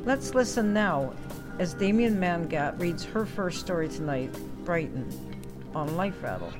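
A woman's voice: lowish voice, big pitch swings, a little slow. Woman host over background music. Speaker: radio host introducing readers. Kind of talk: scripted introduction. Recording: music playing under the voice.

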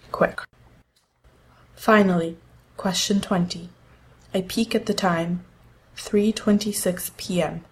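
A woman reads a first-person story aloud, steady and measured with an undercurrent of tension. Her voice sits fairly low for a woman. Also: a little hiss or hum. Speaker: narrator.

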